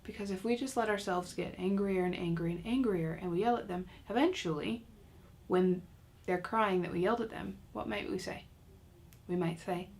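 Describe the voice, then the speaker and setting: A woman's voice: mid-range voice, moderate pace, vocal fry, darkish tone. A woman teaching a recorded parenting lesson in a casual, chatty way with self-mocking humor.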